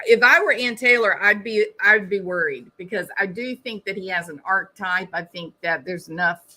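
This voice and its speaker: Casting: middle-aged woman, bright voice, wry and chatty live-stream host. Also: fairly low pitch. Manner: wry, chatty, laughs at her own jokes. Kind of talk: casual live-stream chat reading comments.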